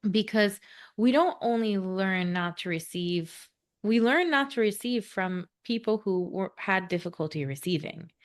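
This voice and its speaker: A woman's voice: medium pitch, expressive, measured pace. Earnest woman podcast co-host. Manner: earnest, reflective, explaining. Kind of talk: reflective conversational podcast.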